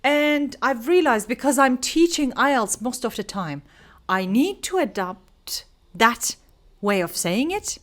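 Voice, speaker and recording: A young woman, an English teacher giving an unhurried pronunciation lesson to camera, explaining each word with example sentences. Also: on the high side, animated. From Turkey.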